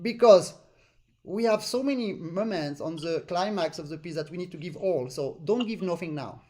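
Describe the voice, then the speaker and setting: High-voiced man teaching accordion. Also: moderate pace, a little mellow. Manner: demonstrative, sings rhythms in syllables; earnest, repeats points to stress them. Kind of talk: master class instruction. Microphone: online lesson stream.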